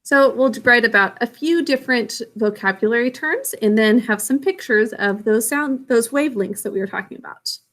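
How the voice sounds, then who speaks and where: A woman teacher giving a classroom science lesson, explaining slowly and patiently to children. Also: on the high side, a bit bright.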